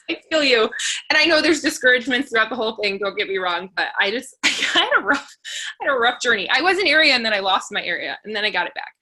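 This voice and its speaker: A woman telling personal stories in a motivational talk, chatty and earnest, with lots of fillers and quick laughs. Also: on the high side, sharp tone. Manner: chatty, filler-heavy, laughs between phrases; earnest and encouraging. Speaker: motivational speaker for a sales team.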